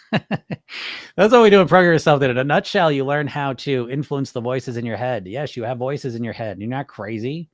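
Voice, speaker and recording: Animated, swearing male podcast host. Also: mid-range voice, dry recording, studio quality. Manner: animated, profane, rambling. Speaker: podcast host and weight-loss coach. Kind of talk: casual podcast chat answering viewer comments.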